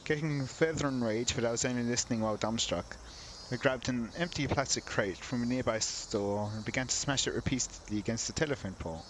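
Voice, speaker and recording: A man's voice: medium pitch, brisk, a little hiss or hum, poor audio. Man reading game narration with wry asides. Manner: reads narration, breaks off into wry comments. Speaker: let's play host. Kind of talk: reading game text aloud with casual asides.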